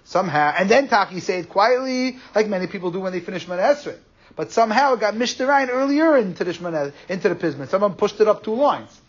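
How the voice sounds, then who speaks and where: A man teaching a Torah class, explaining quickly and animatedly, with Hebrew and Yiddish terms in his English. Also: high voice, lively intonation. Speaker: rabbi giving a class. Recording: muffled lo-fi recording.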